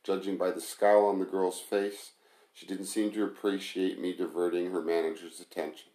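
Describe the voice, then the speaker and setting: A man reading a first-person story aloud in a plain, even storytelling manner. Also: sits low, normal speed. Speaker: narrator. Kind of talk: first-person audiobook narration. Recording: roomy echo.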